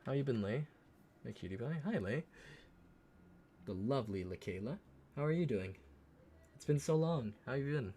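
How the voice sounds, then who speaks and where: A man streaming live and chatting casually with his viewers while he paints a miniature, swearing often and muttering quietly as he concentrates. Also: medium pitch, moderate pace, long pauses, slightly rough. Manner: relaxed, swears often, talks to chat while working.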